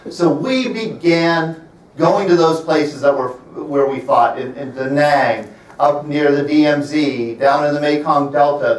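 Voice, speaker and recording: A man in his fifties giving a public talk in a library, telling wry travel stories and slowing down to stress his points. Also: a little high. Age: 50s. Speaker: presenter. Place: library event room. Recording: roomy sound from a distant mic.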